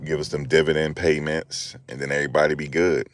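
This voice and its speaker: A man's voice: very deep voice, flat delivery, fairly quick, a little hiss or hum. A man chatting casually on a live stream as a rideshare driver, laid-back and repetitive with street slang.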